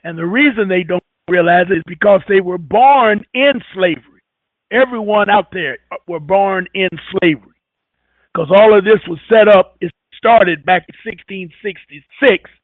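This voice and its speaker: A man hosting a radio talk show, rambling and halting as he repeats words while searching for them. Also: sits high, no echo. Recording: tinny phone-like radio audio.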